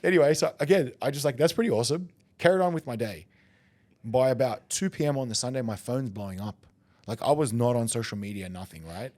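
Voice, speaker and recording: An Australian man on a podcast, telling a story with plenty of energy. He laughs often and acts out the other people in it. His voice sits at an ordinary pitch for a man. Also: fairly quick, darkish tone. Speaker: podcast guest, competitive eater. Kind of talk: casual storytelling chat.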